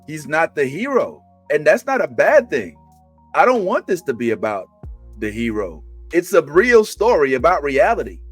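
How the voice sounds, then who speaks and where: Man, high pitch, animated, restarts, casual live show chat, dry close mic. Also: no room sound. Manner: animated, acts out quotes, rambling restarts. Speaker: podcast co-host.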